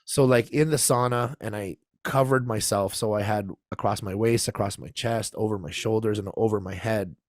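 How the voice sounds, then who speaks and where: A man casually telling a story on a podcast, animated and laughing as he acts out the people in it. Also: lowish voice, normal speed, hardly any pauses, dry recording, clean studio sound. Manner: animated, acts out quoted voices, laughs often. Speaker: podcast guest.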